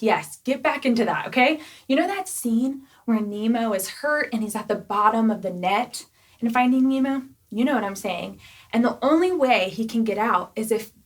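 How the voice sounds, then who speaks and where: A young woman preaching a casual youth sermon, chatty and animated, full of "like" and "right?" asides. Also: fairly high pitch. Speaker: youth pastor.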